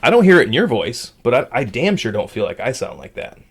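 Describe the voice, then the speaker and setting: A man's voice: medium pitch, sing-song, fast, breathy edge. A young man from Michigan, co-hosting a casual podcast in a thoughtful, questioning way. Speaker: podcast co-host. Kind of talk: casual chat.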